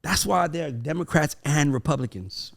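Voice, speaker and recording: A man hosting a casual podcast chat, telling animated, profane stories and acting out his kids' voices. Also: on the high side, moderate pace, vocal fry. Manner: profane, emphatic. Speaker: podcast host.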